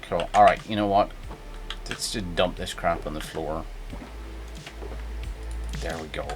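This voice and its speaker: A man's voice: low-pitched, a little slow, music in the background. A man chatting and joking casually while streaming a game. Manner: joking, rambling, playful. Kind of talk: casual gameplay stream chat.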